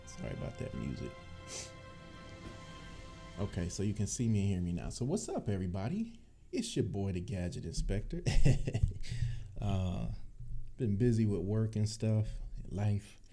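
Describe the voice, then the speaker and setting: A man from Cleveland chats loosely on a livestream, relaxed and easygoing with a lot of laughter. His voice sits low and sounds mellow, with a deep bassy weight to it. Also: normal speed, vocal fry, pauses often, soft background music. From Cleveland, Ohio. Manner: laid-back, chatty, laughs often. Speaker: tech channel host. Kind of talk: casual livestream chat. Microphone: desk microphone.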